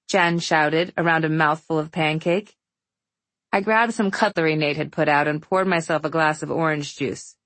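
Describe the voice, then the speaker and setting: A woman's voice: low-pitched, steady tone, normal speed, fairly bright tone, no room sound. A woman narrating a novel in the first person, with a wry, affectionate storytelling manner. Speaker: audiobook narrator.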